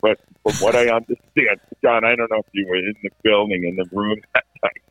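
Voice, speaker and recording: A middle-aged man, a veteran sports radio host, telling stories in animated casual chat with many restarts. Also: lowish voice, fairly quick, dry recording. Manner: animated anecdotal, frequent restarts. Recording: tinny phone-like line.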